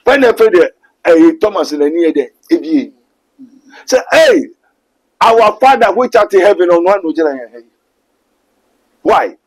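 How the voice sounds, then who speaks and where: Ghanaian man, high voice, husky, emphatic scripture-quoting preacher. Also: lively intonation, a little slow, rough recording. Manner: emphatic, quotes scripture, mixes English and Twi. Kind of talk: preaching in a call-and-response exchange.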